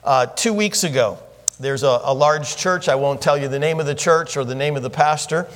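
A man preaching a sermon in a conversational teaching manner, asking the congregation questions and rising in pitch when he gets excited. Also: normal speed. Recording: long reverb of a large hall.

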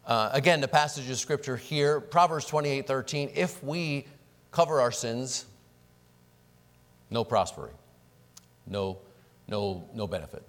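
A man preaching a sermon as pastor, animated and acting out the prayers and apologies he quotes. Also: medium pitch, unhurried, pauses often. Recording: long reverb of a large hall.

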